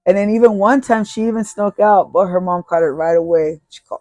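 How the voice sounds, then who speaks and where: Speaking a little fast, a podcast host shares a personal story, rambling casually, cursing freely and restarting sentences often. The mid-range voice has a darkish tone with the highs cut off. The sound is close and dry, with no room echo.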